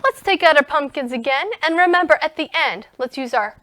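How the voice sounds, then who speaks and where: A young woman teaching a recorded music lesson to young children, gentle and encouraging. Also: sits high, expressive. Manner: gentle and encouraging, speaks slowly to young children, sings and whispers in parts.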